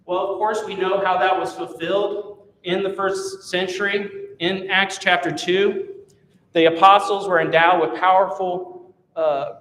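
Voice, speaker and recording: A man who is a missionary gives a church class presentation, teaching in an earnest, emphatic way. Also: fairly bright tone. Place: church meeting room. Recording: echoey church hall from far off, faint rumble.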